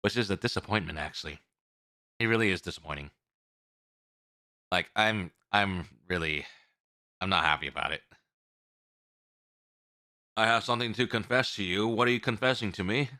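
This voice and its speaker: A man's voice: lowish voice, normal speed, long pauses, no room sound, clean studio sound. A man streaming and chatting casually, rambling and talking with his mouth full. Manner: rambling, animated, eating while talking.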